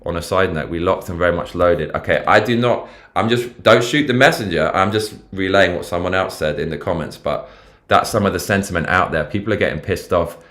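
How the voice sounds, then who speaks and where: A man's voice: low-pitched, brisk, a bit bright. A man with a London accent hosting a casual livestream, rambling and swearing freely as he talks over the news and reads viewer comments. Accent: London English. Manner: rambling, profane, slangy. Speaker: livestream host.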